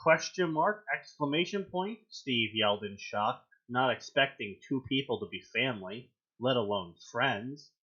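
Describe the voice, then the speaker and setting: Animated mocking man reading fanfiction aloud. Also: a little slow, husky, muffled recording. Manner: animated, mocking, acts out quoted lines with loud high outbursts. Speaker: fanfiction reading show host.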